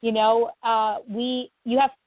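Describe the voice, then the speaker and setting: A woman from New Jersey answers interview questions in a modest, earnest way. Her voice sits a touch high and sounds dry and thin, like over a phone line. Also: level tone, measured pace, dry recording. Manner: modest, earnest, advice-giving. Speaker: interview guest, nonprofit founder.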